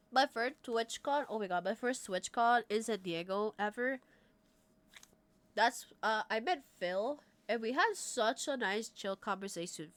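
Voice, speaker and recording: A woman's voice: mid-range voice, a bit bright, no room sound. A young adult woman livestreamer chatting casually with her viewers at a desk mic. She laughs often and swears freely. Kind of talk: casual chat with stream viewers.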